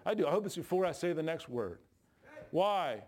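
A middle-aged man preaching a sermon with a voice set a bit higher than most men's. He talks in a folksy, emphatic way and jumps up in pitch when he gets fired up. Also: big pitch swings, normal speed, darkish tone.

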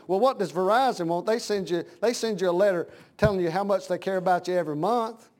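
A man preaching a sermon in a fervent, folksy way that swells from plain talk into loud, impassioned cries. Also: high-pitched, quick pace, few pauses.

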